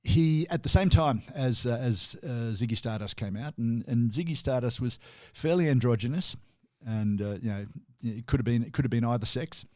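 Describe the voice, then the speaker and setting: A man's voice: medium pitch, lively intonation, moderate pace, few pauses, a little mellow, no room sound. Chatty Australian man, dry close mic. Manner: chatty, chuckling, many restarts. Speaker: radio co-host. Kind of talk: casual chat.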